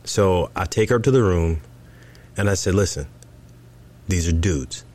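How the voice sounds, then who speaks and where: Speaking at a normal speed in a low-pitched voice, this man co-hosts a podcast and recounts a story in relaxed chat. He brings it to life by performing what people said.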